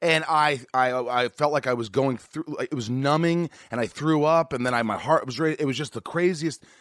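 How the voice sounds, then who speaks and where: A man talking fast in a casual podcast conversation, jumping in with jokes and quick stories. His voice sits at a middling pitch. The recording is dry and close. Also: a bit bright, no room sound. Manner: interjecting, joking. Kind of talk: casual chat.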